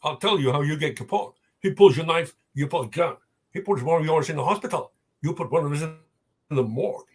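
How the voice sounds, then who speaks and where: Tough-guy movie lawman, gruff put-on accent, done by a man telling a story. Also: fairly high pitch, lively intonation, fairly quick, darkish tone. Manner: growled imitation accent. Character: gruff film gangster-hunter, older man, tough.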